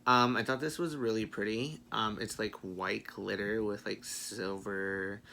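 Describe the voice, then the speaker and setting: A man chatting through a makeup tutorial in a sassy, playful way, swearing freely and muttering quiet asides to himself. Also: lowish voice, fairly even intonation, unhurried, vocal fry, slight background noise. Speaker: makeup vlogger.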